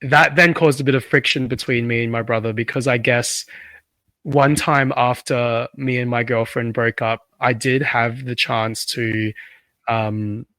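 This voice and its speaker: A man's voice: mid-range voice, a little slow, no echo. Aussie guy on a podcast, easygoing, laughs a lot, dry sound. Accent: Australian. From Australia. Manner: relaxed, laughs often, conversational storyteller. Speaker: podcast co-host. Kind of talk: casual chat.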